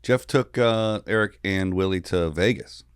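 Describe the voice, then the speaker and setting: A man's voice: deep voice, a little slow, smooth, dry recording, clean studio sound. A man hosting a podcast, chatting casually and agreeably with a comedian friend. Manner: relaxed, agreeable, frequent "yeah, dude". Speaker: podcast host. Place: podcast studio. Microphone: studio mic.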